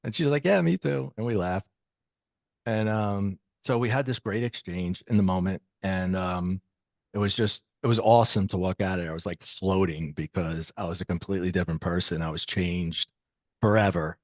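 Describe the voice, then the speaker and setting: Male podcast guest with a low voice, recorded dry, telling a story with lively acted-out quotes. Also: normal speed, no echo. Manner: animated, acts out quoted dialogue. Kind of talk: personal storytelling.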